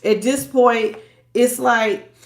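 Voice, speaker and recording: Stuffed-up lady doing a live tarot reading, kinda high voice, blunt and preachy, lots of slang, says hi to chat. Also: steady tone, takes it slowly, vocal fry. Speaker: tarot reader.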